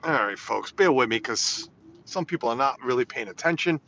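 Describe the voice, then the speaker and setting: Slight background noise sits under this man's sharp, animated, medium-pitched voice, which moves at a moderate pace. Driving in snow, he casually streams to viewers from inside the car, rambling and reading comments aloud, via slightly dull lo-fi phone audio.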